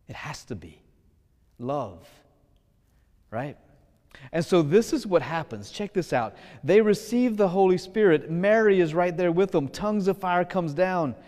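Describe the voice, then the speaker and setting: A high-pitched man preaches a homily as a Catholic priest, loose and conversational, drawing out words for emphasis. His voice rings with a long echo, as if recorded in a large church. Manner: lively, casual preaching that slows for emphasis. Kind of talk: sermon.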